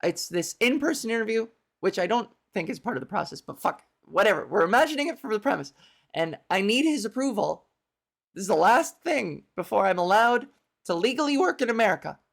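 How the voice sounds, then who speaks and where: A Canadian woman tells a comic story on her own podcast, rambling and self-deprecating as she acts out the other people. Her mid-pitched voice has a gravelly edge. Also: sing-song, a little fast. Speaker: comedian podcast host. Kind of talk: comedic storytelling monologue.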